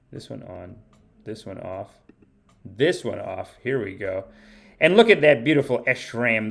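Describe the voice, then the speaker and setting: Male stand-up comedian hosting his own podcast, playful rambling delivery, very lively pitch. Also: gravelly. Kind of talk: casual livestream chat.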